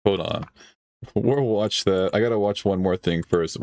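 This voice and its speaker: Brief: low-pitched man, dry close sound, offhand swearing streamer reacting to clips. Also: measured pace, a little mellow, dry recording. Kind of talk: casual reaction commentary.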